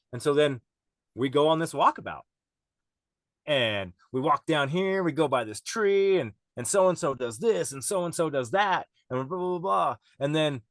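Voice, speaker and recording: A man's voice: a little high, no room sound. A man guest on a podcast, telling a wild story in a rambling, profane way with frequent laughs. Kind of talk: casual storytelling chat.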